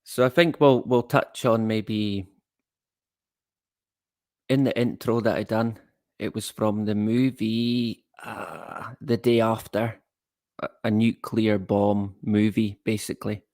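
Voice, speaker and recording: Slow, easygoing man chatting on stream. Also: fairly low pitch, fairly even intonation, darkish tone, no echo, studio quality. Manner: rambling and chatty, greets viewers, chuckles at his own jokes. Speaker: livestream host. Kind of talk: casual livestream chat.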